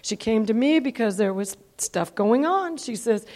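A woman preacher telling stories in a sermon, swinging from quiet confiding lines to near-shouted dramatic peaks. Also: on the high side, moderate pace. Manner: animated, rises to near-shouting when telling dramatic parts. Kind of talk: sermon storytelling.

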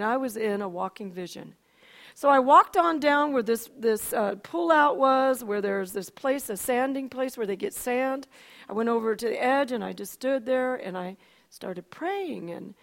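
An older woman telling an emotional personal testimony, animated, with frequent restarts and a voice that climbs and drops. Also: high voice. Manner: animated storyteller, voice rises and falls, frequent restarts. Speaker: speaker giving a testimony.

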